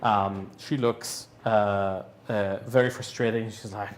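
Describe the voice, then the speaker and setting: A man narrating a tabletop game as game master, halting with many fillers and restarts. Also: on the low side, fairly even intonation, reverberant, a little hiss or hum.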